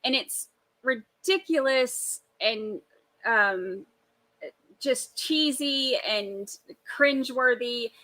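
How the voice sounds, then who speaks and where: A woman's voice: on the high side, drawn-out words, low-quality recording. A woman, co-hosting a casual livestream and laughing often as she chats. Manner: giggly, chatty, laughs loudly. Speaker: co-host.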